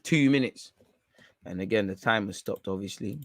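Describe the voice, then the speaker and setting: A man reacting live to a football match from home, bantering in slang and shouting when chances come. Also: on the low side, moderate pace, no echo, clean studio sound. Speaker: football watchalong streamer.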